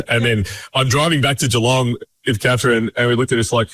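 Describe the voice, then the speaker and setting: A man's voice: mid-range voice, fast, dry recording. A man telling his story in casual conversation, animatedly acting out what others said. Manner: animated storyteller acting out quotes, laughing often. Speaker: advocate and cult survivor.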